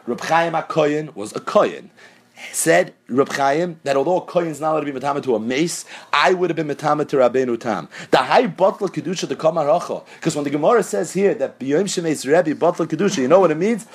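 A man giving an animated Talmudic lecture as a Torah teacher, posing questions and answering them himself. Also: on the high side, slightly rough. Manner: animated, rapid, asks and answers his own questions.

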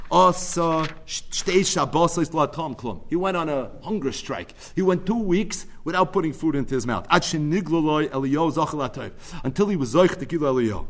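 A man teaching a Talmud class, telling the story with lively emphasis and weaving Hebrew and Yiddish terms into casual English. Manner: rises to emphatic bursts, drops low for asides.

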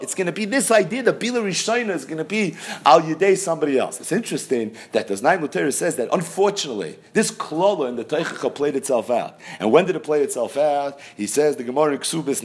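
Guy teaching talmud, lively up-and-down voice, a bit high, keeps dropping in hebrew terms. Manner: animated, mixes Hebrew and Yiddish terms into English. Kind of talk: Talmud lecture.

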